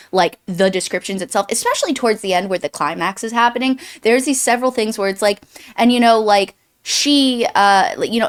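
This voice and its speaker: A woman co-hosting a casual book podcast, reading out listener comments and giving her opinion. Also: medium pitch. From Florida. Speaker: podcast co-host.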